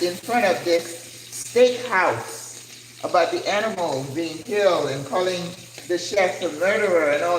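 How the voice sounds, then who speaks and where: An older woman hosting a casual cooking livestream, chatting animatedly and answering viewer comments as she cooks. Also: fairly low pitch. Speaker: cooking channel host. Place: home kitchen. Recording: echoey kitchen with frying noise.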